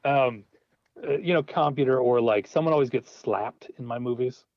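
A man's voice: medium pitch, normal speed, no room sound. A man being interviewed about the films he writes, talking casually and laughing as he trips over his words. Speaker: filmmaker guest. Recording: dull dry lo-fi sound.

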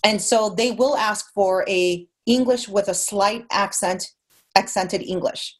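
A woman's voice: mid-range voice, measured pace. Earnest woman with a light Mexican accent. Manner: earnest, thankful, thinking aloud. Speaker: voice actor guest. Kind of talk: podcast roundtable chat.

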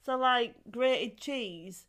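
A woman co-hosting a podcast, telling stories in a chatty, animated way with frequent laughs. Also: a little high, very slow. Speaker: podcast co-host. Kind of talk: casual chat.

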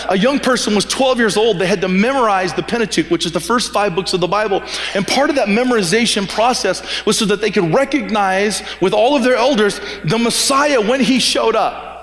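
A male pastor with a fairly high voice delivers a sermon in a relaxed storytelling manner. He often restarts phrases and doubles words as he thinks aloud. The sound carries a long, echoing reverb from the hall around him.

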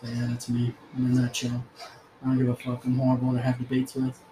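A man's voice: mid-range voice, completely flat delivery, fast talker, warm tone. A young man chatting casually and laughing often, with a laid-back, profane manner full of filler words. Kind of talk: casual chat. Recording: echoey room with faint ambient noise.

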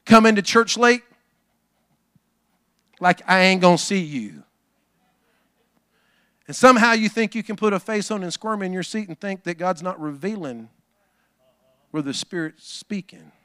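A man preaching a sermon, folksy and talking to the congregation, swinging from low asides to shouted calls. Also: normal speed, pauses often, clean tone, no echo, studio quality. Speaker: pastor.

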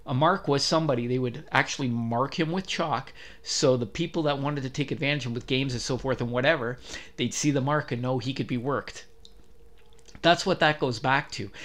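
A man's voice: fairly high pitch, fairly bright tone. A man co-hosting a podcast, ranting bluntly and swearing freely, with many restarts. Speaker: podcast co-host. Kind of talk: heated podcast rant.

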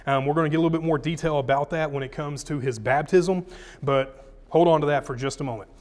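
A man's voice: on the high side, fast talker, darkish tone. A man, a pastor teaching a sermon, casual and chatty with his congregation, reading scripture with rising emphasis.

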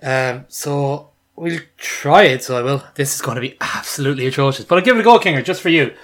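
A man's voice: mid-range voice, brisk, a bit bright. A man, joking and laughing in a casual podcast chat. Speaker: podcast co-host.

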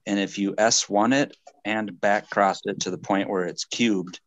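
Deep-voiced man rambling about breeding. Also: fairly even intonation, a little slow. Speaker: podcast host. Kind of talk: casual stoner chat.

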